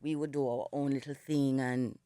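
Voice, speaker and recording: Speaking at normal speed with a steady tone, a middle-aged Jamaican singer guesting in a radio studio has a bass voice that is mellow, clear and resonant. She's reflective and storytelling, her morning voice not yet warmed up, and she leans on "you know" again and again. No echo is heard.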